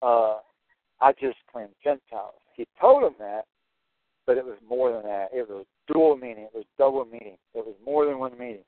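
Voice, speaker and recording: A man's voice: medium pitch, lively intonation, moderate pace, no echo. A man teaching through a Bible passage verse by verse, stressing and repeating his key points. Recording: tinny phone-like dry sound.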